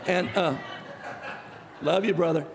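Folksy storytelling preacher. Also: male voice, fairly high pitch, fairly even intonation, slow, vocal fry, slight background noise. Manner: folksy storytelling, acts out dialogue. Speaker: pastor. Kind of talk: sermon. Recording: long hall reverb.

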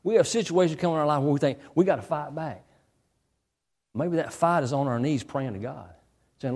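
A man preaches with folksy emphasis, circling back to repeat the lines he wants to land. His voice sits a little high, with a soft, mellow tone. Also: normal speed, long pauses, long reverb tail. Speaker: pastor. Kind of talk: sermon.

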